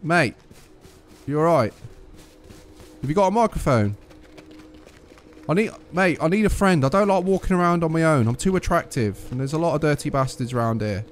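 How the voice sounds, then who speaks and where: A man's voice: on the high side, lively intonation, moderate pace, long pauses, slight background noise. A young man with a cheeky, trolling manner, chatting casually over his gameplay. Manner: cheeky, joking, trolling other players. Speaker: gaming channel host.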